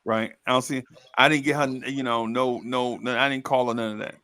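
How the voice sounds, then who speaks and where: A man telling a funny story from his own life in a casual, animated way, laughing often and calling the listener bro. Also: medium pitch, a little fast, dry recording, clean studio sound. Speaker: storyteller host.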